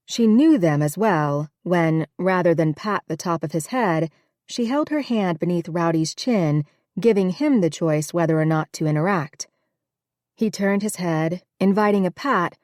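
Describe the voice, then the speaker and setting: A woman narrating an audiobook with a steady, even reading. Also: lowish voice, dry recording, clean studio sound. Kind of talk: scripted narration.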